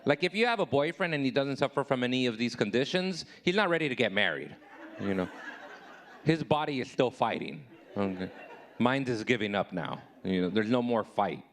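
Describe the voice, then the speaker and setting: Man, 30s, stand-up comic, mid-pitched voice, self-mocking delivery, leaps up in pitch for his own comebacks. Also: very animated, moderate pace. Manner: self-deprecating, swings high and loud when acting out his own replies. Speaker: stand-up comedian. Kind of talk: live stand-up comedy set.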